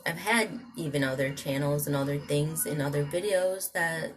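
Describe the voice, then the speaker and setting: Young woman, low voice, vlogger, rambling emotional confession to camera. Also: normal speed, faint music behind. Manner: rambling, emotional, many restarts and asides. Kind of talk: personal confessional monologue.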